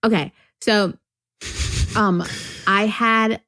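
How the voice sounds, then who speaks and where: A woman's voice: mid-range voice, steady tone, drawn-out words, bright, forceful tone, no echo, clean studio sound. A young woman from North Carolina co-hosting a podcast, telling a long, filler-heavy story in casual chat and laughing often. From North Carolina, USA. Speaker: podcast co-host.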